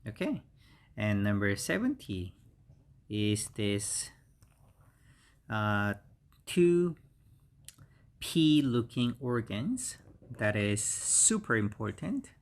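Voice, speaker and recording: A man with a Korean accent teaching English vocabulary, repeating each word slowly and carefully with frequent pauses and fillers. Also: on the low side, sing-song. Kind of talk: slow vocabulary lesson.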